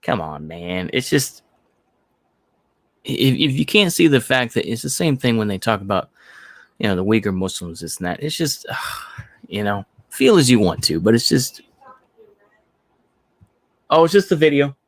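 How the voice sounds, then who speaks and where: A man's voice: lowish voice, big pitch swings, normal speed, long pauses, dry recording. Rambling American man on a livestream. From United States. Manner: rambling, repeats himself, trails off into fillers. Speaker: livestream host. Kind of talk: casual livestream chat.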